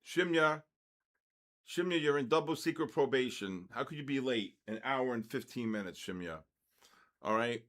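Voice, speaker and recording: Older New trader hosting a live session, rambles and rants between market calls. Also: male voice, medium pitch, animated, normal speed, a bit bright. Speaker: trading session host. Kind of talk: casual live trading commentary.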